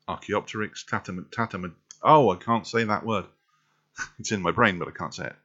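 Deep-voiced, well-spoken Englishman. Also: moderate pace, sharp tone, lo-fi sound. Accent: well-spoken southern English. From North London, England. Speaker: vlogger doing an accent tag. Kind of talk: casual talk to camera, reading a word list.

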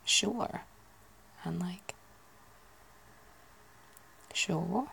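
A woman musing softly in a whispered ASMR chat, gently poking fun at herself. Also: fairly low pitch, extremely slow, gravelly, a little hiss or hum, rough recording. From United Kingdom. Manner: soft, self-deprecating, musing aloud. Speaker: ASMR video host.

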